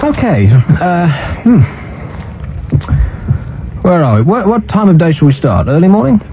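A man's voice: high voice, sing-song, unhurried, creaky, noisy background. A man hosting a talk radio show, ranting sardonically and mocking what he's seen on TV. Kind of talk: casual on-air banter. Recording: muffled radio broadcast.

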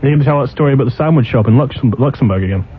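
A man's voice: medium pitch, very fast, slight background noise. A man co-hosting a radio phone-in who ribs the host in a playful way. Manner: playful ribbing. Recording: thin phone-like broadcast audio.

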